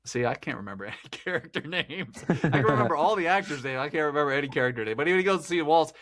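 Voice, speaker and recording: A man's voice: fairly high pitch, expressive, rapid-fire, a bit bright. A man hosting a podcast, talking through a film in a rambling, chatty way and laughing often. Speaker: podcast host. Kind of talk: casual film discussion.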